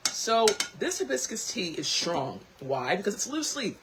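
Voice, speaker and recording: A woman hosting her own tea talk show, chatting casually to camera, lively and quick to laugh. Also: mid-range voice, noisy background.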